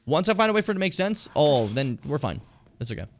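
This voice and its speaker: A man streaming a game, chatting and rambling in a casual, animated way between game lines. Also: on the high side, fast talker, a little hiss or hum. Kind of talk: casual gameplay commentary.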